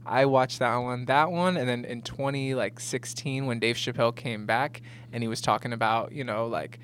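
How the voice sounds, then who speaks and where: Chill young dude on a podcast, cusses a lot, does silly voices, bit of hum behind. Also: male voice, medium pitch, fairly even intonation, normal speed, a bit bright. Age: young adult. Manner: laid-back, swears a lot, mimics voices for laughs. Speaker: podcast co-host. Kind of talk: casual chat.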